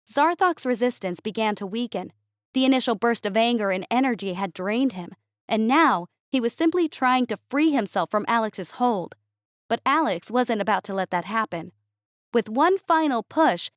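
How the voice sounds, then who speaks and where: A woman narrates a scripted sci-fi story in an even, steady manner. Her voice sits slightly high, and the recording is dry and close. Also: no echo.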